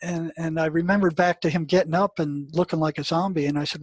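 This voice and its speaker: A man from the US, a guest in an interview, telling a story in a halting way, repeating words and acting out what people said. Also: fairly high pitch, fairly even intonation, no room sound. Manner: halting, repeats words, acts out quoted dialogue.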